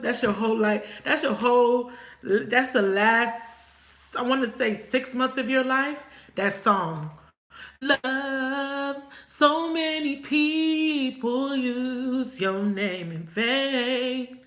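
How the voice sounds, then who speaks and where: A woman's voice: high-pitched, extremely slow, a bit bright, echoey room. A woman reading tarot cards in a casual live chat, swearing now and then and laughing often as she talks to viewers. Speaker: tarot reader.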